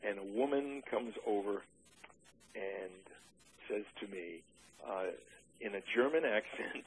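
An older man in an oral history interview, recalling his army days with dry humor and many halting "uh" restarts. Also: fairly low pitch, a little hiss or hum, low-quality recording.

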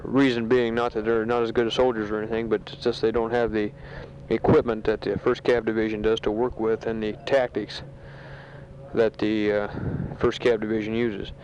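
Sending a spoken letter home, this soldier talks from a sandbag bunker in a war zone. His voice is fairly low, darkish, and nearly monotone, and his matter-of-fact delivery halts often with fillers. A dull home tape captures it, with a slight hiss or hum.

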